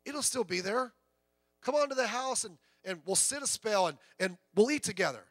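A man voicing a kindly, easygoing old male farmer who talks in a folksy, unhurried country way, in a told story. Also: high-pitched, expressive, no room sound. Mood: gentle coaxing.

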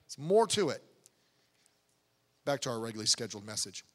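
A man preaching a sermon in a church, talking conversationally with asides, restarts and quick jokes. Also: medium pitch, big pitch swings. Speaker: pastor. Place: church sanctuary. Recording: long church hall reverb.

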